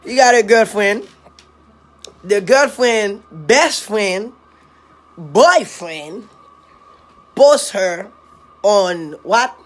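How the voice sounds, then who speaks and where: A woman's voice: mid-range voice, animated, drawn-out words, long pauses. A woman chatting casually on a phone livestream at home, teasing and playfully consoling someone. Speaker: vlogger. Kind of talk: casual live-stream chat. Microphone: phone camera.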